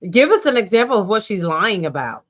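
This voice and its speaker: A woman's voice: medium pitch, very animated, brisk, dull audio. A woman guesting on a podcast, giving blunt, outspoken opinions in casual chat and swearing freely. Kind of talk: casual chat about a reality show.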